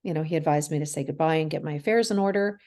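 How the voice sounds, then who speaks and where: Speaking very fast in a deep, warm voice, a woman in her forties from Canada shares a frank personal story as an interview guest. She performs the dialogue herself and laughs her way through difficult memories.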